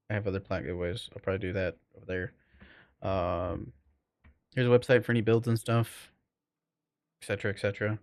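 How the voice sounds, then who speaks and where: Male streamer, lowish voice, dry close sound, loose rambling chat with viewers. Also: no room sound. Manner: loose, rambling, lots of fillers. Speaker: game streamer.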